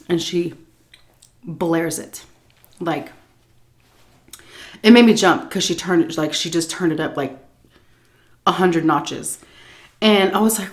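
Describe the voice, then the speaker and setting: A woman spinning a casual story for her viewers, chatty and animated. She leans on fillers and jumps into little reenactments as she talks. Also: lowish voice, takes it slowly, long pauses. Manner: animated, lots of fillers and laughs, acts scenes out. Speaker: food vlogger.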